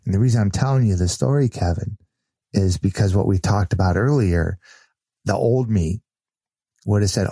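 A man guest telling an earnest, animated personal story in casual conversation, with frequent restarts. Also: on the low side, moderate pace, long pauses, no room sound. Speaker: podcast guest.

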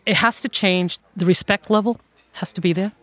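A woman who runs an outsourcing firm, telling stories in an interview in a lively way and laughing often. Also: medium pitch, normal speed, no room sound. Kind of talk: conversational interview storytelling.

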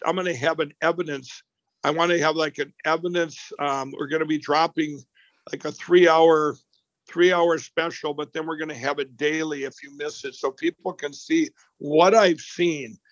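A man's voice: on the high side, fairly even intonation, moderate pace, dry recording. Rambling man on a dull remote line. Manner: rambling, frequent restarts and repeats. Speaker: company CEO, interview guest. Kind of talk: animated call-in interview.

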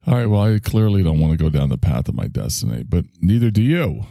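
Dry wry guy rambling to himself, gravelly and dark. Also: low voice, big pitch swings, fast talker, no room sound. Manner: rambling, wry, self-mocking. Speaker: host. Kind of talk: solo comedic monologue.

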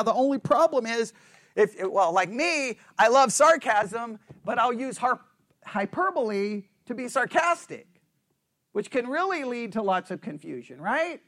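A man's voice: very high voice, fairly bright tone, no echo, studio quality. A man teaching a Bible study class in a conversational, playful way, acting out sarcastic remarks and often checking "right?" with his listeners.

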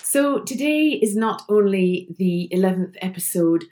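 A woman's voice: medium pitch, animated, unhurried, mellow, soft background music. Gushing podcast host, a woman. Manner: gushing, enthusiastic, chatty. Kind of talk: casual podcast interview.

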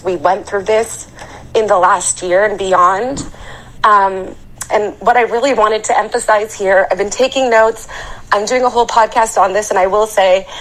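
A woman speaking to a live audio room in an earnest, heartfelt way. Her voice sits a little low, and she often trips over and repeats words when she is moved. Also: low-quality recording. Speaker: panel speaker.

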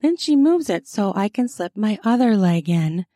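A woman reading an erotic story aloud in an intimate, unhurried storytelling manner. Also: medium pitch, big pitch swings, mellow, no echo, clean studio sound. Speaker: narrator.

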